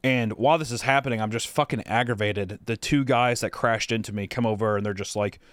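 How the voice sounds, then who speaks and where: A man's voice: fairly low pitch, steady tone, a little fast, fairly bright tone, clean tone, no echo. A young man co-hosting a podcast, telling a long story in a casual, rambling way with lots of fillers and swearing. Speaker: podcast co-host.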